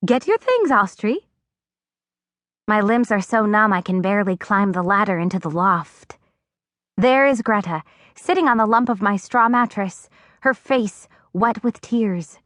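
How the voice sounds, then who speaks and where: A woman narrating a first-person audiobook in an expressive storytelling voice, recorded on a close studio mic. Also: medium pitch, normal speed, no echo. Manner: expressive, acting out dialogue.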